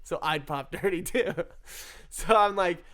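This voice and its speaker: A man with a high, sharp-toned voice takes his time recounting his addiction. The telling is casual and rambling, full of swearing and frequent laughs.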